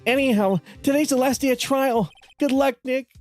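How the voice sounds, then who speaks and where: A man's voice: normal speed, a little mellow, dry recording, faint music behind. A man voicing a perky young woman assistant, reading game dialogue aloud in a raised version of his own voice. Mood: cheerful. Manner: raised pitch, bouncy lilt.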